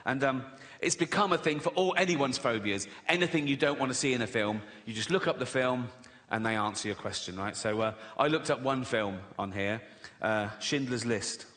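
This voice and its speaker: A man's voice: medium pitch, moderate pace, hardly any pauses, fairly bright tone. A man in his sixties with an English accent, doing a sardonic stand-up routine and acting out little voices. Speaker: stand-up comedian. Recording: live arena reverb, faint noise.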